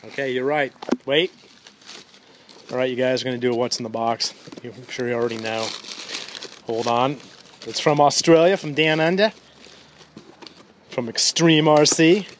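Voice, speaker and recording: A man's voice: medium pitch, normal speed, pauses often, a little hiss or hum. A middle-aged man doing a casual, enthusiastic unboxing at home, who keeps saying "you guys" to his viewers. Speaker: RC hobby vlogger.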